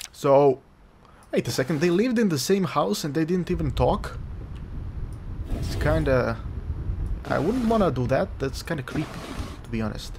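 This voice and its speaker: A man's voice: fairly high pitch, animated, normal speed, gravelly, a little mellow, slight background noise. Man joking through a horror game. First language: Croatian. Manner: jokey, rambling, talks to the game. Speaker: let's play gamer. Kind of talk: casual gameplay commentary. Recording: game music behind.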